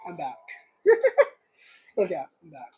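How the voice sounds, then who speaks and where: A man's voice: fairly high pitch, animated, slow, highs cut off, very noisy. A young man giving a casual livestream tarot reading, rambling and searching for words with lots of fillers. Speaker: tarot reader.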